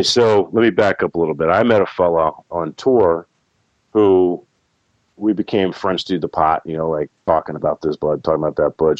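Deep-voiced man rambling through a story. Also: a little mellow, no echo. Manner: rambling, self-correcting, laughs often. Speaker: interview guest, plant breeder. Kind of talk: casual interview storytelling. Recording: dull, dry sound.

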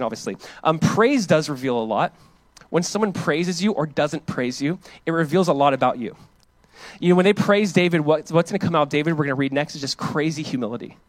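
A man in his thirties delivers a sermon at a rapid clip, his voice sitting high for a man. He talks casually, leaning on "like", and gets animated when he quotes. The sound is dry, with no room echo. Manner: casual and conversational, full of "like", animated when quoting. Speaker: pastor.

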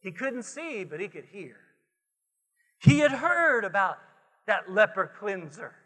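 A male pastor delivers a sermon in a very high, bright, ringing voice, taking his time over every phrase. He drops to hushed tones and then climbs to shouted refrains. The sound carries a long hall reverb from the church sanctuary. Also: very animated, takes it slowly. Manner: preaching, swings from hushed to shouted.

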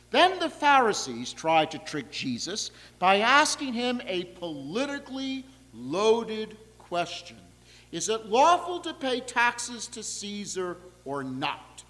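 High-voiced, animated male preacher. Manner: expressive, deliberate preaching with lively emphasis. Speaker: pastor. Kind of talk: sermon. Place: church sanctuary. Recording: long reverb of a church hall.

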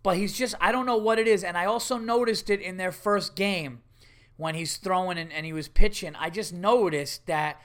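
Bright-voiced man telling a story. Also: sits high, moderate pace. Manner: animated, exasperated, swears freely. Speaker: podcast host. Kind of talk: casual storytelling.

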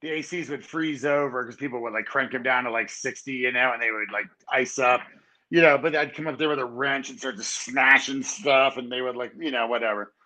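Bright-voiced man, chatty host. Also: medium pitch, brisk, low-quality recording. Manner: loose, chatty storytelling with lots of "like" and "you know". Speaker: podcast host. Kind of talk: casual interview.

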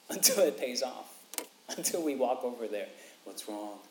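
A man, a father with young kids, preaching a sermon in an animated way, repeating phrases for emphasis and acting out quotes. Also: medium pitch, normal speed, slight background noise. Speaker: pastor. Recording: echoey room, faint ambience.

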